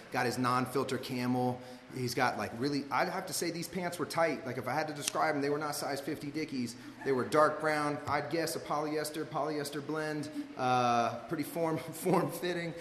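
A man's voice: mid-range voice, fairly bright tone, slight background noise. A man from Los Angeles, telling a personal story in a loose, slangy way, full of "like" and "you know.". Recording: echoey hall with long reverb, faint ambience.

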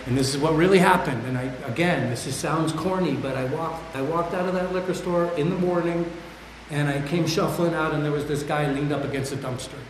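A man's voice: a little high, brisk, a little hiss or hum. Man confessing his story in echoey hall. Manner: confessional, raw and self-deprecating. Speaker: speaker sharing his recovery story. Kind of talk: candid personal testimony. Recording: echoey hall with long reverb, faint ambience.

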